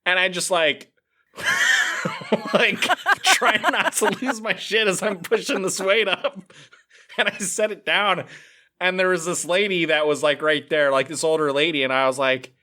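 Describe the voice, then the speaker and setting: A man's voice: high-pitched, steady tone, normal speed, sharp tone. A man co-hosting a casual podcast, telling a rambling story with lots of filler words. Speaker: podcast co-host. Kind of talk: casual chat.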